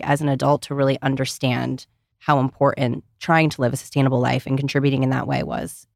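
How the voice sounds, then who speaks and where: A woman's voice: very deep voice, vocal fry, darkish tone, no echo, studio quality. A woman in her thirties from Ohio, chatting as a podcast guest in a bubbly way, full of "like" fillers. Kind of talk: casual chat.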